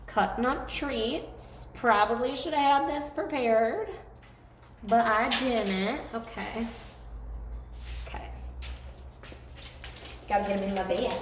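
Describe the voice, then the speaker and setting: A woman training a dog, talking through the lesson in a chatty, coaxing way, her voice getting a little hoarse. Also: on the high side, slow, long pauses, noisy background. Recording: very echoey room.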